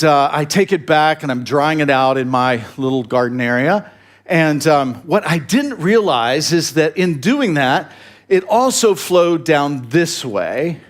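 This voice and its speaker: During a sermon, a male pastor with a fairly high-pitched voice tells a story in an unhurried, expressive way. He speaks casually, with fillers and restarts, and adds humorous, self-deprecating asides punctuated by chuckles.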